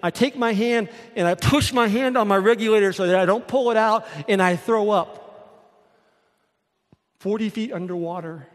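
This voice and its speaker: Male preacher with a high voice, emphatic and repetitive, heard in a reverberant hall. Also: moderate pace. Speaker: pastor. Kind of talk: sermon.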